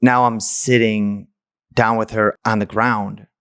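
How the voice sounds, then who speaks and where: A man's voice: fairly low pitch, level tone, takes it slowly, a bit bright, clear, resonant tone, dry recording, studio quality. A man from the United States, a podcast host, telling a personal story in a candid, blunt way with casual swearing.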